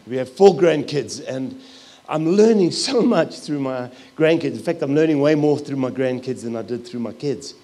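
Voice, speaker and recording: A middle-aged man preaching a sermon as a pastor, telling stories with loud, animated asides. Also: mid-range voice, moderate pace.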